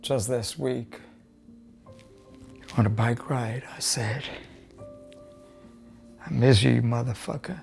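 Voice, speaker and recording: A man recounts his life in a documentary interview, blunt and profane, slipping Spanish words into his talk. His voice is gravelly and sits at an everyday pitch. Soft music plays faintly underneath. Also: steady tone, takes it slowly, pauses often. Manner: candid, profane, drops Spanish phrases. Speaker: interviewee, bass player.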